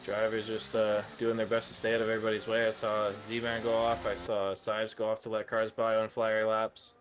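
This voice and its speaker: A man's voice: fairly low pitch, moderate pace, a little hiss or hum. Canadian man calling a sim race. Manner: relaxed, conversational, thinking aloud. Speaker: lead commentator. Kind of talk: live sim racing commentary.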